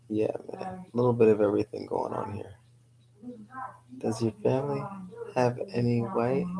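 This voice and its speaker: Guesting on a live stream, a New York City woman reads viewer comments aloud, replies to people by name and laughs a lot in casual chat. Her pitch is extremely low, her tone creaky and mellow, and the recording quality is low.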